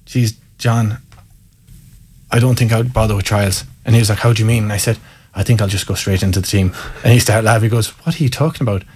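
An Irishman in his thirties, a guest in an interview, tells candid, self-mocking stories and laughs his way through the anecdotes. His voice sits on the low side, darkish and a little breathy, and he talks very fast with a flat delivery and few pauses.

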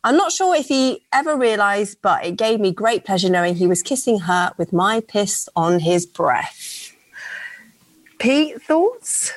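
A woman's voice: mid-range voice, very animated, measured pace. Chatty, blunt female radio co-host. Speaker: co-host of a radio dating show. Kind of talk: casual chat and reading listener stories.

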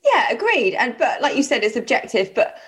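A woman's voice: on the high side, sing-song, fairly quick, a bit bright. A woman co-hosting a podcast, teasing and laughing often in casual chat. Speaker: podcast co-host.

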